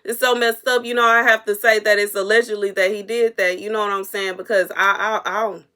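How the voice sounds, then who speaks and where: A woman's voice: mid-range voice, level tone, fairly quick, pushed and bright. A woman delivering an unscripted prophetic message to her viewers, earnest and repetitive, at times emotionally stirred. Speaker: prophetic minister.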